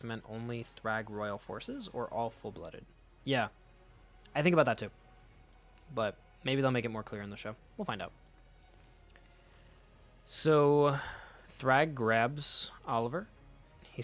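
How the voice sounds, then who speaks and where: Man, casual comic read-through, rambling, swears, laughs a lot, mid-pitched voice. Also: animated, normal speed, pauses often, a bit bright. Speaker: comic reader, channel host.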